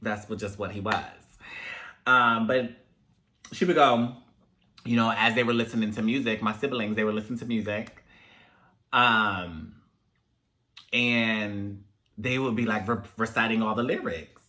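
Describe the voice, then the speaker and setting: A young man hosting a casual talk video, telling animated stories about growing up in African American English. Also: on the low side, measured pace, pauses often. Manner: chatty, animated when telling parent stories. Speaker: host. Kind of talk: casual chat, storytelling to viewers.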